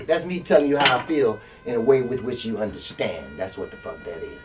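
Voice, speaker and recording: A man preaching bluntly with heavy swearing, jumping from loud peaks down to low mutters. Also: moderate pace, recorded from a distance, background noise. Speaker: street preacher. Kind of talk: profane motivational sermon.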